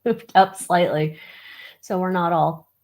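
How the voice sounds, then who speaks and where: A woman hosting a casual livestream, mocking and gossipy, with loud exclamations, talking into her webcam. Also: fairly low pitch, slow. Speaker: livestream host reading tarot on tabloid stories.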